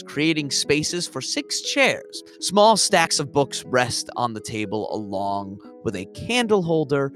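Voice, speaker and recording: A man runs a tabletop game, his voice rising and falling as he paints each room. He asks for checks between descriptions, with soft guitar music playing behind him. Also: mid-range voice. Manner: descriptive, lively narration with asides. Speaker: game master.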